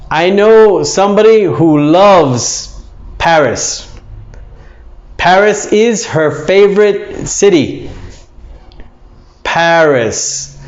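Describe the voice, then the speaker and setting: A man teaching English pronunciation, repeating each word slowly with exaggerated emphasis. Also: on the high side. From United States. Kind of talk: pronunciation lesson. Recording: echoey room, slightly dull sound.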